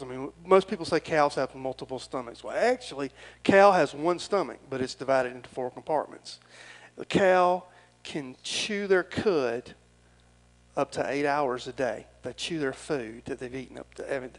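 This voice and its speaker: A man's voice: mid-range voice, expressive, moderate pace, low-quality recording. A middle-aged man, preaching a folksy, rambling and earnest sermon as pastor.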